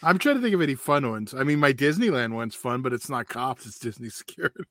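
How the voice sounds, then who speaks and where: A giggly, hesitant man co-hosting a casual podcast. His pitch jumps around a lot and his tone is bright. The sound is dry and close. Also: animated, fast talker, no room sound. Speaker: podcast co-host.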